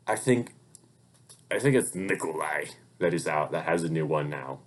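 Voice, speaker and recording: Young male vlogger, low register, rambling and profane, casual delivery. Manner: rambling and profane, gets heated when venting. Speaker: vlogger and hobby voice actor. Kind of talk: casual life-update rant.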